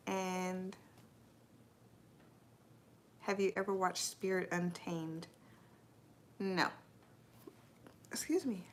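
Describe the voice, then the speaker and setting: A woman's voice: medium pitch, creaky, a little hiss or hum. Chatty woman live streaming to viewers. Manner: chatty, rambling, answers chat comments.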